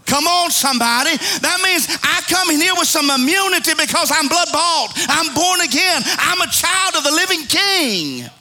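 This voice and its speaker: A middle-aged male preacher with a strikingly high voice, delivering a fiery, folksy sermon. His tone is sharp and tense, and he calls out to the congregation for answers. He swings from emphatic shouts down to hushed pleading. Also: lively intonation, moderate pace, hardly any pauses. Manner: call-and-response with the congregation; folksy, plain-spoken.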